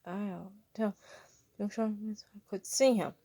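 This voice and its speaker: A woman's voice: medium pitch, fairly even intonation, slow pace, mellow. A woman reading a fan-written story aloud, stumbling and restarting over words. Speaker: reader. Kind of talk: fan fiction read-aloud.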